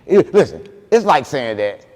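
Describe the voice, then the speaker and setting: Man, podcast host, boastful banter, repeated catchphrases, lively pitch, long reverb. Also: a little slow. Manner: repeats catchphrases, swings loud and soft.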